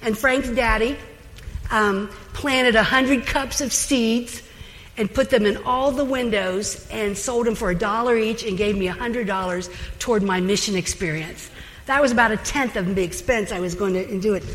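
A woman's voice: fairly high pitch, moderate pace. Chatty woman preaching in an echoing hall. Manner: chatty, animated, with asides and laughter. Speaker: Bible teacher. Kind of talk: conversational sermon. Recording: long hall reverb.

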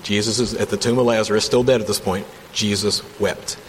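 A man's voice: lowish voice, flat delivery, fast. A man leading a casual Bible study from home, reading passages and commenting with enthusiasm in a conversational way. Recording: long reverb, faint background hum.

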